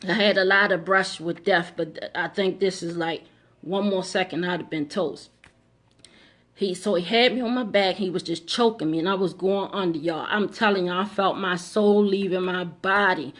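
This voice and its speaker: A woman's voice: fairly low pitch, moderate pace. A middle-aged woman telling a personal story to camera in an emphatic way, repeating lines and speaking straight to her audience. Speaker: vlogger.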